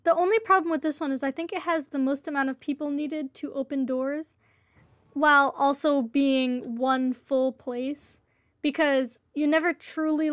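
A woman's voice: high-pitched, dry recording, studio quality. A woman livestreaming a game, chatting casually and playfully pleading with other players. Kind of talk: casual gameplay livestream chat.

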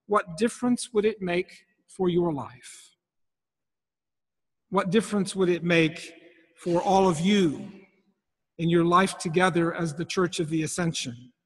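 Male preacher, unhurried, reflective questioning delivery; long reverb from the church. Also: high voice. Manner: reflective, asks many questions. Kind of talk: sermon.

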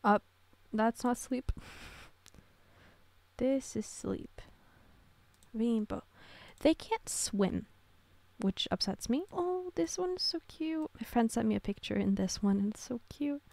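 Young female gamer, excitable and gushing; high, gravelly edges, close dry mic. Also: slow, long pauses, no room sound. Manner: gushing, excitable, coos at tiny characters. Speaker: gaming creator. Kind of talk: casual gameplay commentary.

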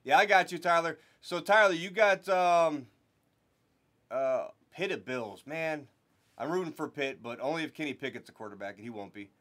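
A young man with a slightly high, fairly bright voice chats at a normal speed while hosting a live sports card break. It's a casual stream where he jokes with his viewers and talks sports.

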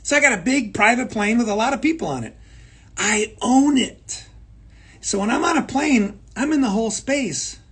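A man's voice: extremely high pitch, expressive, normal speed, a bit bright, slightly rough. A man co-hosting a show, giving emphatic motivational talk and repeating his points. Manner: emphatic, repeats phrases, acts out quoted people. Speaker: co-host. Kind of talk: motivational chat.

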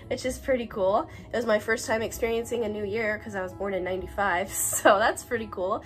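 A woman's voice: medium pitch, fairly quick, faint music behind. A woman in her twenties chatting casually as she unboxes gifts, bubbly and gushing, a little sick with a cough. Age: 20s. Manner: bubbly, gushing, breaks into brief song bits. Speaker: YouTuber unboxing a swap package.

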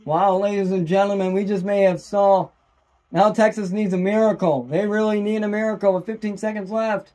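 A man giving casual live play-by-play commentary as a fan, excitable and bursting into shouts at big plays. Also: high-pitched, moderate pace. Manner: casual fan talk, repeats "wow". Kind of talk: amateur live sports commentary.

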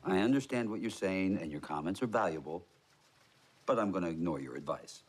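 An actor playing a cocky male fox in animated film dialogue, smooth and dismissive. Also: low-pitched, fairly quick, a little hiss or hum. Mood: defiant.

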